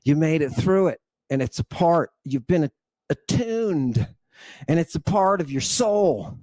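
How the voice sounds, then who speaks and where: A man's voice: fairly high pitch, expressive, measured pace, mellow, no echo. A man giving a theatrical lecture, full of exclamations and calling out to his listeners as "people".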